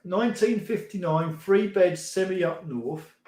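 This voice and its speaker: A man's voice: high voice, a little slow, a little mellow. Chatty man in an echoey room. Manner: rambling, laughs often, mild swearing. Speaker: live stream host. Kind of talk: casual chat reading viewer comments.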